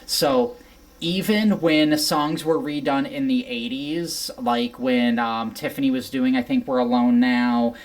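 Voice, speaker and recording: A woman with a very low voice hosts a casual interview. She asks curious questions and rambles a little, filling pauses with ums. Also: fairly even intonation, darkish tone. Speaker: podcast host.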